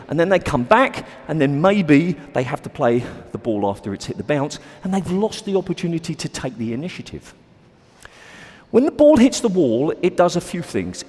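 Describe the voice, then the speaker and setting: A man's voice: fairly high pitch, darkish tone, husky, long reverb tail. A man coaching squash on court, explaining and demonstrating shots in a chatty, self-deprecating way. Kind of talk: on-court instructional video.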